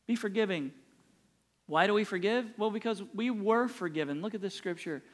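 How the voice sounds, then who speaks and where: A man's voice: sits high, moderate pace. A middle-aged man preaching a sermon as pastor, emphatic and repeating phrases for punch.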